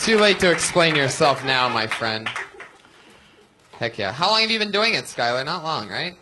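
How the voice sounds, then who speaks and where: A man hosting a live comedy show in a venue, giving quick, joking notes to comics between laughs. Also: on the high side, big pitch swings, background noise. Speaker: host.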